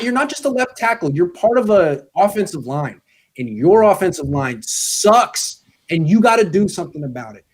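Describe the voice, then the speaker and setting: A man on a sports podcast, bluntly and sarcastically grading football players as if speaking to them directly. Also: a little high. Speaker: guest sports commentator. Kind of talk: casual podcast chat.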